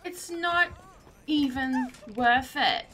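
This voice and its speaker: A young woman, streaming herself playing a game and reacting in a panicky, excitable way. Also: high-pitched, very slow, slight background noise. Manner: excitable, panicky, often shrieking and laughing. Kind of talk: live gameplay commentary.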